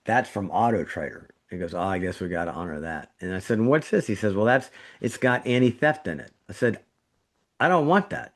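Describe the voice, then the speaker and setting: Low-voiced man telling an animated story. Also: brisk. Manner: animated storytelling, voice jumping up when indignant. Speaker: trauma surgeon, podcast co-host. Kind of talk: casual podcast chat.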